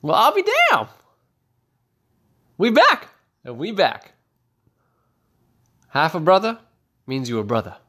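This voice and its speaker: A man voicing an excitable concert security guard who reacts loudly and dramatically to the show. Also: slightly rough. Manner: high, exclamatory, slangy.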